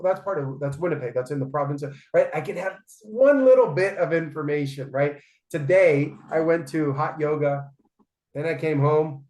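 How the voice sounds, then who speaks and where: A slightly high-voiced man in his forties talks as a podcast guest, telling his stories with emphasis and tossing in "right?" as he goes. The room around him rings with noticeable echo. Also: a little mellow. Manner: emphatic, storytelling, often asks "right?". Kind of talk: casual interview storytelling. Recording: roomy echoey room.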